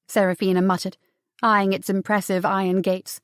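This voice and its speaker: A woman reads a novel aloud in a measured, expressive narration at an ordinary mid pitch. The recording is close and dry, with no room sound. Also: no room sound. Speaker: audiobook narrator. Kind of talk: scripted audiobook narration.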